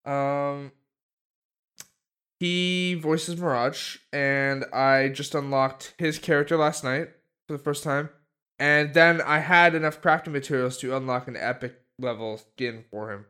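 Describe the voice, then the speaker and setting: A man's voice: a little high, a little slow, bright, forceful tone, smooth. A man co-hosting a podcast in casual chat, rambling with many fillers and restarts. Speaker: podcast co-host.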